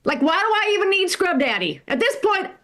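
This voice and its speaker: A woman's voice: very high-pitched, big pitch swings, fairly quick, a bit bright. A middle-aged woman from California doing a stand-up comedy set, chatting with the crowd and laughing at her own jokes.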